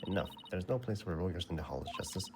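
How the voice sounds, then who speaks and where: A man's voice: low-pitched, very fast, noisy background. Haughty young priestess girl, read by a man. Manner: reads game text in a flat voice. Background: game music.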